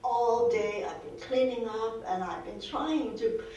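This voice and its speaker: A woman's voice: a little high, a little slow, mellow, natural voice. A woman role-playing a weary, frustrated wife who cares for her ill husband, as a counseling client. She rambles and trails off. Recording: echoey room, distant mic, faint noise.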